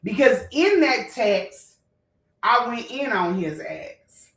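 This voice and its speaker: A fired-up vlogger rants to her viewers in a heated storytime, blunt and profane, her fairly high voice swinging widely in pitch. She speaks slowly and emotionally, far from the mic, in an echoey room.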